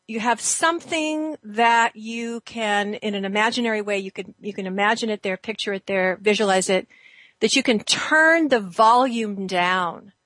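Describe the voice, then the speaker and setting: A woman with a mid-range voice leads a gentle guided exercise, drawing out her phrases in a soothing way. The sound is dry and close, with no room echo. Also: medium pitch. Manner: slow, soothing guidance with drawn-out phrases. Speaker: host. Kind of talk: guided exercise on a talk show.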